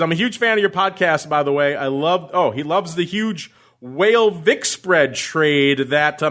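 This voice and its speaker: A man's voice: fairly high pitch, fairly bright tone. A man hosting a podcast in casual chat, joking and laughing as he reads listener messages. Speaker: podcast host.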